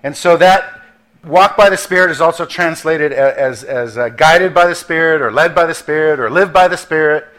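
A man delivers a sermon with an easy, conversational touch, dropping into quick acted asides. His voice sits a little higher than most men's. He slows right down to land his key points. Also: fairly bright tone. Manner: conversational preaching with acted asides and slowed emphasis. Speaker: pastor.

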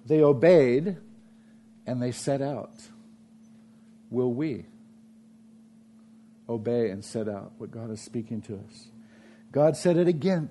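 Emphatic male pastor, mellow voice. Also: medium pitch, expressive, slow, long pauses. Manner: emphatic, repeats phrases, shifts between loud and soft delivery. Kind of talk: sermon. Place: church.

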